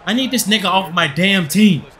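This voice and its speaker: A man's voice: high voice, moderate pace, a bit bright. A young man giving angry, profane gameplay commentary, ranting at the game and the referees. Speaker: gaming channel host.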